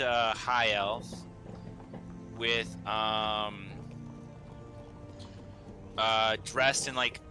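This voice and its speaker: A man running a tabletop game as game master, describing scenes in a loose, rambling way with many fillers. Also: medium pitch.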